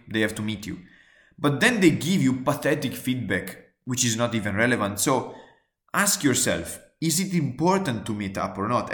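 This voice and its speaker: A man's voice: medium pitch, a bit bright. Guy giving earnest advice tips, asks lots of rhetorical questions, bit of room echo. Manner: earnest, emphatic, repeats key points, asks rhetorical questions. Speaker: presenter giving workplace advice. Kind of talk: spoken advice talk, numbered tips.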